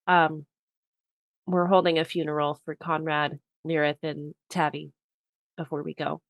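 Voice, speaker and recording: A woman playing in a tabletop role-playing game, answering in a relaxed, dry, understated way. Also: low voice, measured pace, vocal fry, dry recording. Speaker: player. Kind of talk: casual tabletop game play.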